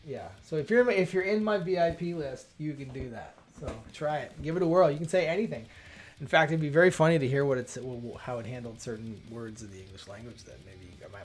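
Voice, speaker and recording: A man hosting a coding livestream, thinking aloud, often breaking off mid-sentence and exclaiming when something works. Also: medium pitch. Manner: chatty, self-interrupting, quick to exclaim at results. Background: faint background music.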